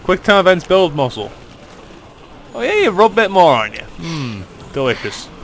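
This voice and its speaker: A man's voice: high voice, big pitch swings, fairly quick, gravelly, fairly bright tone, a little hiss or hum, low-quality recording. A man giving crude, sarcastic, joking commentary while playing a game. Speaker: let's play gamer. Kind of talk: casual gaming commentary.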